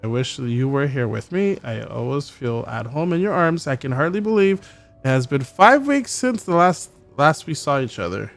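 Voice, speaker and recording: A man in the middle of a story game, reading its letters aloud with plenty of stumbles and restarts. Now and then he breaks off for a dry, cursing aside. Soft music plays faintly underneath. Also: mid-range voice, very animated, gravelly. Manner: halting reading with stumbles and wry profane asides. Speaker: gameplay streamer.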